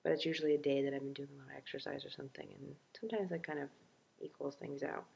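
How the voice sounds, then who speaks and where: Young woman vlogger, slightly low voice, loose chatty self-mocking delivery with plenty of fillers. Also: fairly even intonation, rapid-fire, gravelly, a little mellow, breathy edge, muffled recording. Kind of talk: casual video diary.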